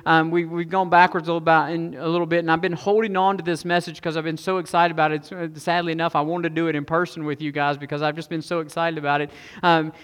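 Middle-aged guy preaching, pretty high voice, rambly with lots of ums, long hall echo. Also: fairly bright tone. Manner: casual storytelling with many fillers and restarts. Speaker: pastor. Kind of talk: sermon.

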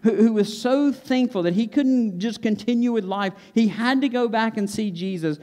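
Man, pastor, sermon, earnest, repetitive emphasis, fairly high voice, church sanctuary. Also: darkish tone. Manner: earnest preaching, repeats phrases for emphasis.

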